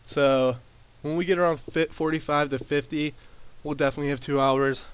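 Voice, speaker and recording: A man casually recapping his wrestling sim game in a rambling way, with lots of fillers and restarts, talking into a desk mic turned up loud. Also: fairly high pitch, fairly even intonation, normal speed, clear, resonant tone. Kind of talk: casual commentary over gameplay. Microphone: desk mic with boosted gain.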